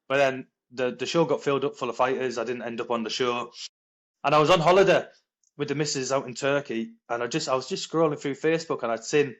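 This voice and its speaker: A man in his thirties, a former paratrooper, telling a story as a podcast guest in lively, quick bursts, acting out what people said. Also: medium pitch. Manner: animated, quick storytelling with acted-out quotes. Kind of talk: conversational storytelling.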